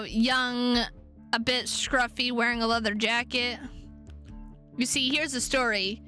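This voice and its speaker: A woman voicing a calm, polite male werewolf hunter from a visual novel, reading his lines aloud. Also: on the high side.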